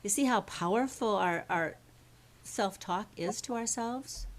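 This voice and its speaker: A woman's voice: medium pitch, a little slow. A woman coaching a live workshop group, talking in a chatty, rambling way and often checking in with the listeners.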